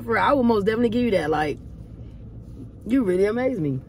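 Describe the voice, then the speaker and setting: A woman vlogger chatting casually with her partner while they eat, animated and drawn out. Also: medium pitch, fast talker, vocal fry, pauses often, slight background noise. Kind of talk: casual couple vlog chat while eating.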